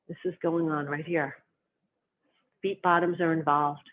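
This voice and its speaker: Over tinny, phone-like audio, a mid-range voice belonging to a qigong teacher guides a movement lesson. The instruction is calm and gentle, walking students step by step through slow stretches and movements with a cue for each one.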